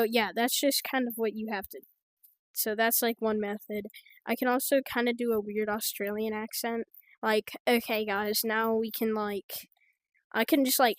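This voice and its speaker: Rambling American woman with a high voice. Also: no echo. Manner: rambling, filler-heavy, offhand. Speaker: gamer giving trading tips. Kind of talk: casual gaming commentary.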